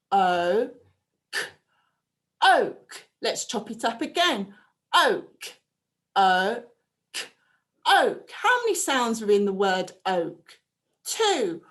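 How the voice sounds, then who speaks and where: A woman teaching a phonics lesson to young children, prompting them with slow, clear, drawn-out sounds. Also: on the high side, fairly bright tone. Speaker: primary school teacher.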